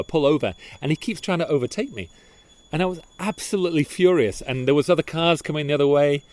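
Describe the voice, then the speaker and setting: Man, podcast co-host, casual storytelling, animated, frequent restarts, mid pitch. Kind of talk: casual chat, telling a story.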